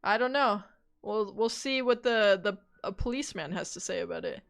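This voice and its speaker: A woman's voice: medium pitch, moderate pace, creaky. A woman streamer giving joking, incredulous live reactions to a story. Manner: incredulous, joking, laughing asides.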